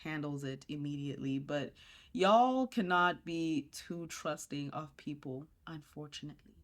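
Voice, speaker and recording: A woman's voice: sits low, a little slow. A woman hosting a reaction commentary, speaking frankly and moralizing straight to her viewers. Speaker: commentary host.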